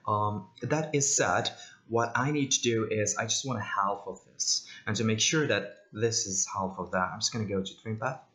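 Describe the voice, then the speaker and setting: A man casually talking through a software tutorial, thinking aloud with many ums and side jokes. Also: fairly low pitch, normal speed. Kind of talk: casual screen-recorded tutorial.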